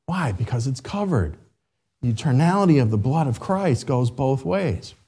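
A man preaching a sermon as pastor, animated and checking in with the congregation with "right?". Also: medium pitch, moderate pace, slightly rough.

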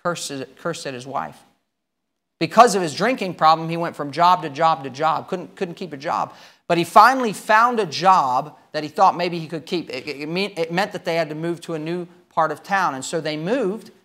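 A man preaching a sermon, telling a story with emphatic swings between loud and quiet. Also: on the high side, normal speed.

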